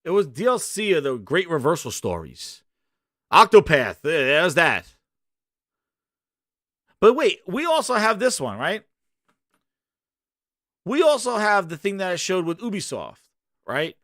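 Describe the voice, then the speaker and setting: Young guy gaming host ranting at the audience, pitch jumping all over, bright tone. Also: big pitch swings, measured pace, pauses often, no echo, studio quality. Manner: emphatic, argumentative, addresses listeners directly. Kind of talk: animated opinion rant.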